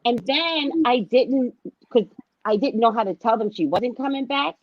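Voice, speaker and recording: A woman's voice: fairly high pitch, normal speed, dry recording. A woman who teaches special education, telling a story in casual chat and acting out other people's lines as she goes. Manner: animated, acts out quoted voices, repeats phrases for emphasis. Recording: dull lo-fi dry sound.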